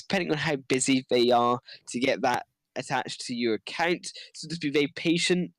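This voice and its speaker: Chatty esports caster, dry close sound. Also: male voice, on the high side, vocal fry, dry recording. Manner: chatty, announces giveaways, laughs easily. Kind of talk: livestream esports commentary.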